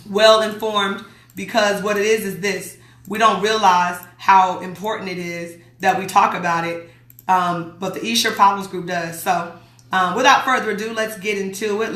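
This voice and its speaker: A woman's voice: mid-range voice, a bit bright, roomy sound. A woman hosting a radio show, reading a newsletter aloud in a chatty, emphatic way and talking back to her listeners. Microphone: streaming mic.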